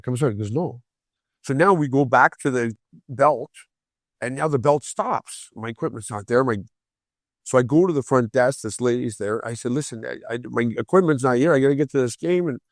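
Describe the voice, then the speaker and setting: A man in his forties telling a long story on a podcast in a casual way. He acts out the other people's voices, repeats words when he gets excited, and laughs along. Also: medium pitch, dry recording, studio quality. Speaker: guest storyteller.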